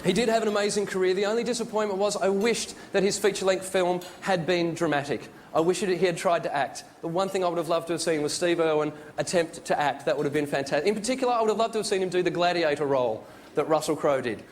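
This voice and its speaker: This is a quick-paced Australian man with a voice that sits high, cracking dry, wry jokes as he hosts an awards ceremony. His stand-up monologue comes from a large theatre stage, captured live amid the crowd and noise.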